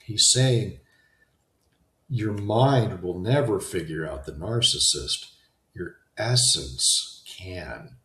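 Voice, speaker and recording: A man's voice: sits low, a bit bright, echoey room. A man giving an unscripted motivational talk, rambling and conversational, often restarting his sentences. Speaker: self-help talk host.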